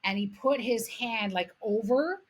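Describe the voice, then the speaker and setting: Husky-voiced woman telling stories with profanity. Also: a little high, measured pace. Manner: animated, swears freely. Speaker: podcast co-host. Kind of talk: casual storytelling chat.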